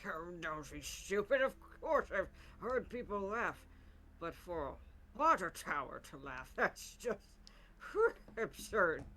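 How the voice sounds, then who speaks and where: A woman's voice: on the low side, sing-song, slow, fairly bright tone, heavily acted. A woman voicing a grumpy, nearsighted old man who can't stand children, reading game dialogue with friends in a mocking tone. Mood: grumbling. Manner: cranky, mocking, playful exaggeration.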